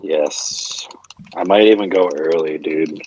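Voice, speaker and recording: A man's voice: extremely low pitch, takes it slowly, background noise. A man from Michigan co-hosting a podcast in casual chat, goofy, laid-back and scatterbrained. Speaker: podcast co-host. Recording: dull lo-fi sound.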